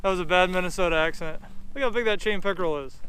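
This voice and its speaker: A man from Florida hosting a fishing vlog, talking casually and excitedly from a boat on a lake. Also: high voice, smooth. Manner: excitable, quick exclamations while reeling in fish. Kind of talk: casual outdoor commentary.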